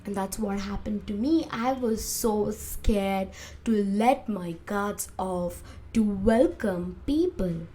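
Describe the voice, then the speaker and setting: A young woman speaks alone on her podcast, unhurried and drawn-out. Her voice sits at a middle pitch and swells suddenly louder when she acts out what people think in pain. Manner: slow, emotive, acts out inner voices with big swings in loudness. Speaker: podcast host. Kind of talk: reflective podcast monologue.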